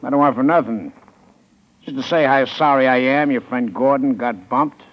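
An actor playing a cool, clipped rival gangster in a 1940s radio drama, on an old muffled recording. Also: male voice, mid-range voice, moderate pace, natural voice. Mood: menacing. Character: smooth menacing rival gangster, Carver.

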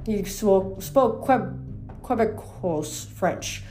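A woman's voice: medium pitch, lively intonation, moderate pace, a little mellow, faint music behind. A woman casually reading a novel aloud in a chatty, informal way, sometimes stumbling over words. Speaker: book reader.

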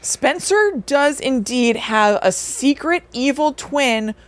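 A woman's voice: high voice, slow pace. A young adult woman co-hosting a podcast, eagerly recapping a story in casual chat and acting out bits of dialogue. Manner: animated plot recap with acted-out quotes. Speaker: podcast co-host.

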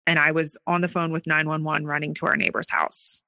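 An earnest woman recounting her personal story in testimony style. Her voice sits a little low, yet it is bright and forceful. She is recorded dry, close and with no room sound. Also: little pitch movement, gravelly, no echo. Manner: earnest, recounts events quickly with acted quoted dialogue. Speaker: interviewee sharing her story.

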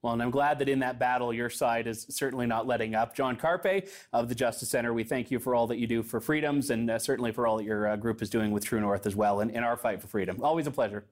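A man interviewing a guest, asking questions in a conversational, halting, thoughtful way. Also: mid-range voice. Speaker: show host, interviewer.

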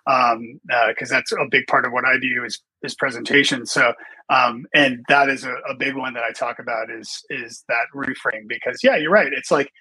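A man who trains people in presenting, speaking as a podcast guest in a relaxed, explanatory way with many ums. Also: mid-range voice, normal speed, breathy edge, no echo, low-quality recording. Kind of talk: casual podcast conversation.

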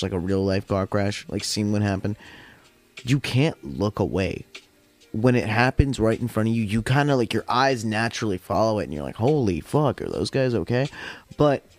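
A man's voice: lowish voice, darkish tone. A young man hosting a podcast, telling a long story in a rambling, chatty way with plenty of swearing. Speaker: podcast host. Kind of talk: casual storytelling. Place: at home during a smoke session. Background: faint lo-fi jazz hop music.

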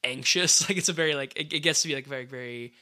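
A man's voice: medium pitch, fast, bright, forceful tone, clear, resonant tone. A man co-hosting a casual podcast chat, rambling with lots of "like" fillers and frequent laughs. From United States. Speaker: podcast co-host.

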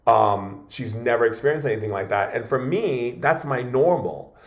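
Animated man telling stories as a guest. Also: mid-range voice, normal speed, echoey room. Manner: animated, repeats and restarts words often. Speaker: guest shaman. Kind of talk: casual interview storytelling.

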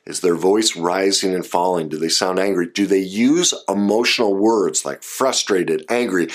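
A man's voice: sits low, normal speed, hardly any pauses. A man giving advice to listeners as a coach, talking emphatically and acting out short example quotes. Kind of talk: direct-address advice talk.

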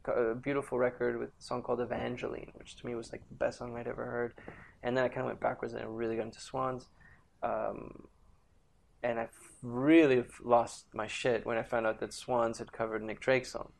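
Man, musician guest, casual podcast chat, rambling storyteller, gravelly, mid-pitched voice. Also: level tone, brisk.

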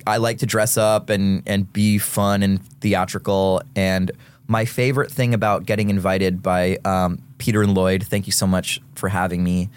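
A man in his thirties, a guest rapper in a casual podcast interview, explaining things in an animated, nerdy, theatrical way. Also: on the low side, clean tone.

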